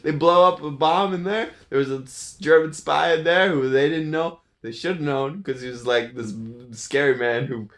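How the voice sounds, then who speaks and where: A man's voice: a little high, normal speed, hardly any pauses, fairly bright tone, roomy sound. A man giving a casual, laughing recap of a movie's plot, slipping into goofy voices for the characters.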